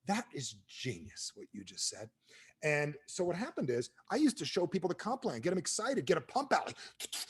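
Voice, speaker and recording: A man giving a motivational business talk on a training call, asking the audience questions and swinging between booming and hushed delivery. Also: slightly rough. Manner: animated, asks the audience questions. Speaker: speaker at an online training call.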